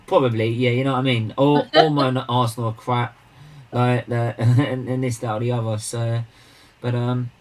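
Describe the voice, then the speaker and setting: A man chats loosely on a charity livestream. He repeats his words, trails off and restarts, then jumps into emphatic, excited banter. His voice sits at an ordinary middle pitch for a man. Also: moderate pace, rough recording. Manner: rambling, repetitive banter, bursts of excited emphasis. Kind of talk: casual livestream chat.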